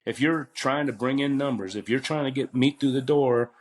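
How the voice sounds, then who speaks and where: A man's voice: medium pitch, normal speed. Chatty man in his fifties. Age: 50s. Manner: chatty and rambling, many fillers and restarts. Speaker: guest, retired butcher. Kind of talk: casual storytelling in a podcast interview.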